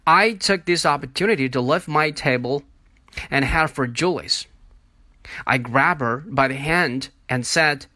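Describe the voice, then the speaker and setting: A man narrating an audiobook in an expressive, unhurried storytelling manner. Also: on the high side, no echo. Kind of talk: audiobook reading.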